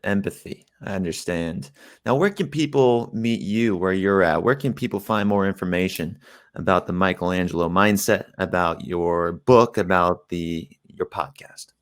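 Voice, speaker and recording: A man hosting a podcast interview, briskly summing up and prompting the guest. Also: deep voice, dry recording. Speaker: podcast host.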